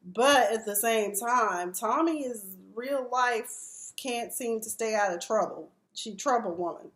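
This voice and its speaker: A woman's voice: a little high, unhurried, fairly bright tone. A woman in her forties giving blunt, candid, profane casual commentary on a reality TV show. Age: 40s. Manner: blunt, candid, profane, mimics the people she discusses. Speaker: reality TV recap vlogger. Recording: roomy echo.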